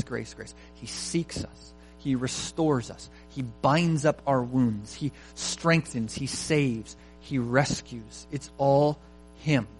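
A man's voice: mid-range voice, a little hiss or hum, low-quality recording. A man preaching a sermon, reading scripture aloud and then explaining it with emphatic repetition. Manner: emphatic, repeating phrases for stress. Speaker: pastor.

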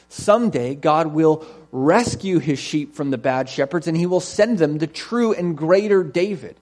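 A man preaching a sermon, reading scripture and speaking emphatically, swinging between quiet and loud. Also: a little high, lively intonation, measured pace. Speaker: pastor.

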